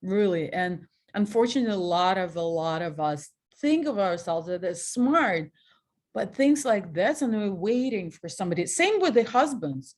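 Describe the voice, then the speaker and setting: A woman in her forties from Russia with a Russian accent, telling frank personal stories as a guest, animated and laughing at herself. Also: medium pitch, moderate pace. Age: 40s. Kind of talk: candid personal storytelling.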